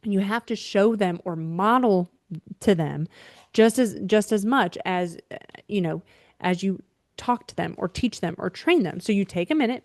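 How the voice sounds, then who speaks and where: A woman coaching parents with animated, emphatic energy, often pausing to check that listeners are following. Her pitch sits in an ordinary middle range. The sound is close and dry, with no room echo. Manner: animated, emphatic teaching with frequent "okay?" check-ins. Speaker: biblical behavior coach. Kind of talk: parenting advice talk.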